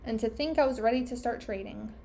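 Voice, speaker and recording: A woman's voice: on the high side, brisk, vocal fry, dark tone, a little hiss or hum. A young woman trader thinking aloud over her charts, self-critical and trailing off, losing her voice. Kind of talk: casual self-talk screen recording.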